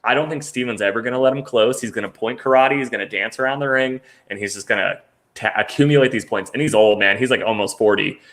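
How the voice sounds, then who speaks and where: Bright-voiced man rambling about fights. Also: mid-range voice, quick pace. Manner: rambling, filler-heavy, laughs while telling stories. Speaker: podcast co-host. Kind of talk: casual sports chat.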